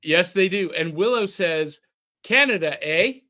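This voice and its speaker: A man's voice: high voice, animated, unhurried, pushed and bright. A man hosting a podcast, chatting casually and reading listener comments aloud in a jokey way over a remote call. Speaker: podcast host.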